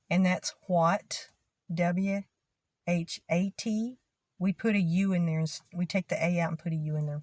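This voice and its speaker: Texas gal w a drawl, kinda low voice, laughs a lot, talks real casual. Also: female voice, unhurried, a little mellow, no room sound. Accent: Texan. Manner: chatty, laughs often, drawls words out. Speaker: vlogger. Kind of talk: casual explainer video.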